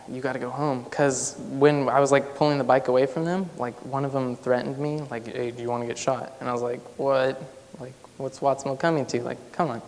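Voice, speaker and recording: A young male student on stage tells a personal story in a casual style, with a lot of "like" fillers. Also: mid-range voice. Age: young adult. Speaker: student speaker. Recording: long hall reverb, faint noise.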